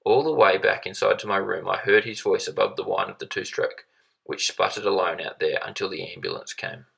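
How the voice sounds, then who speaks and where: A man reads a short story aloud in a low, gravelly voice with a husky edge. His delivery is measured and steady, but the tone stays bright and forward. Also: low-quality recording. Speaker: reader.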